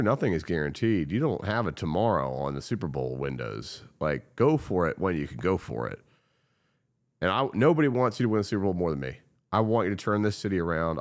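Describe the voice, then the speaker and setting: Profane, fired-up man ranting about football. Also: lowish voice. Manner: impassioned, profane, fan venting. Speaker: podcast host. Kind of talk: casual sports rant.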